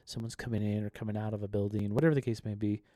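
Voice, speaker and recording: A man's voice: on the low side, little pitch movement, very fast, mellow, no room sound, studio quality. A man co-hosting a podcast, telling a story in an earnest, conversational way. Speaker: podcast co-host. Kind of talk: casual chat.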